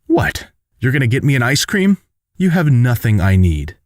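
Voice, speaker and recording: A man's voice: lowish voice, animated, moderate pace, a little mellow, no echo, studio quality, close to an everyday voice. A man voicing a defiant, bitter young woman who talks sharply and sarcastically in a fan-made audiobook.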